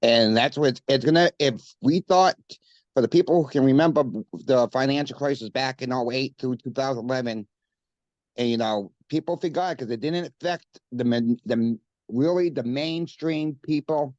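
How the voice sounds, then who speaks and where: A man's voice: mid-range voice, moderate pace, darkish tone, dry recording. Male guest, Maine accent, earnest, rambling, dry muffled sound. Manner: earnest, repeats the host's name, many fillers. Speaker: coin shop guest. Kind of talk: casual interview chat.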